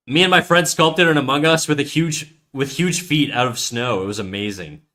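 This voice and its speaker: A young man hosting a relaxed drawing stream, talking easily to chat between strokes. His voice sits at an ordinary middle pitch. It drops to near mumbles when he focuses on the page. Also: moderate pace. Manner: relaxed, answers chat, trails off quietly while concentrating. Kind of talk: casual live-stream chat while drawing.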